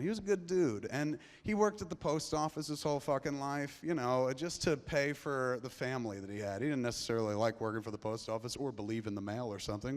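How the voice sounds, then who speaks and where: Profane man storytelling in a big hall. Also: medium pitch. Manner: profane, rambling, swings between hushed and loud. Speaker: filmmaker telling a story on stage. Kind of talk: live stage storytelling. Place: large theater before a live audience. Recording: long reverb of a large hall.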